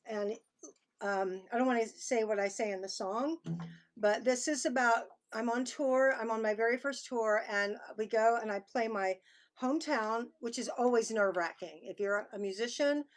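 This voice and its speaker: A woman's voice: on the high side, moderate pace. Emotional Texan woman reading her memoir. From Texas. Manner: reflective, emotional, chatty. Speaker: musician and author. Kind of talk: reading from her memoir and chatting on a video call. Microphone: video call.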